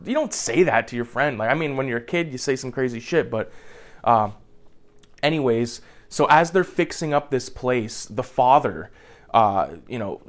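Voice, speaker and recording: A man's voice: medium pitch, lively intonation, moderate pace. A young man casually recapping a movie plot in a rambling way, swearing freely and filling his speech with "like". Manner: rambling, profane, heavy on "like" fillers.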